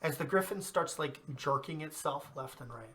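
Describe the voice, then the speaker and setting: Bright-voiced game master narrating. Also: male voice, a little high, moderate pace. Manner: casual, laughing often while narrating.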